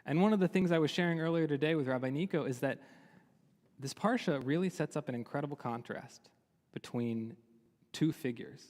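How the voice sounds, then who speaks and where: Rabbi telling a story in a reverberant sanctuary. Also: male voice, a little high, a little fast. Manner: lively storytelling with many rhetorical questions. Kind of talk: sermon on the weekly Torah portion. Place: synagogue sanctuary. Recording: long reverb of a large hall.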